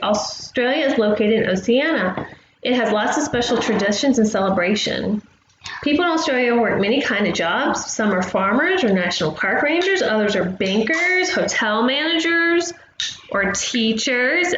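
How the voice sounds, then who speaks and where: A chatty woman explains things simply to young children, pausing often as she goes. She is recorded on a laptop microphone in a room at home. The sound is dull and roomy, with steady noise behind her. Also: a little high. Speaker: travel agent host. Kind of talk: casual lesson for young children.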